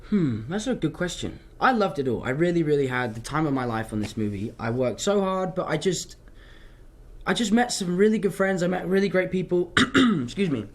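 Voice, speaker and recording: Young man, rambling chatty Q&A answers, slightly raised pitch. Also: animated, normal speed. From London, England. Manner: rambling, chatty storytelling, drifts off topic. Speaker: actor answering fan questions. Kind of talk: casual livestream Q&A.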